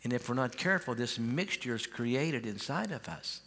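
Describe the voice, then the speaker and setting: A man's voice: mid-range voice, expressive, normal speed, a bit bright. A male pastor preaching a sermon in a large church, folksy and conversational, often repeating his starts. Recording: long church hall reverb.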